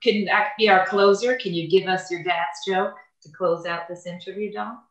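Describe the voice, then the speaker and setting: A woman's voice: medium pitch, fairly even intonation, normal speed, echoey room. A woman hosting an interview show, chatting casually and gushing affectionately at her guest. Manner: effusive and affectionate. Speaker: host.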